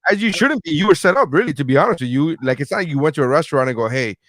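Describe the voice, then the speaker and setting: A man's voice: on the high side, animated, very fast, fairly bright tone, no echo. A man co-hosting a comedy podcast, ribbing his partner with jokey interjections in casual chat. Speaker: podcast co-host.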